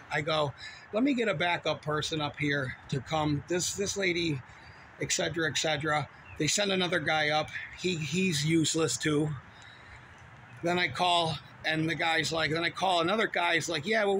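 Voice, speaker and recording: A man's voice: fairly high pitch, bright, forceful tone, a little hiss or hum, poor audio. A man who works as a store cashier tells a rambling, profane story in a heated, casual way.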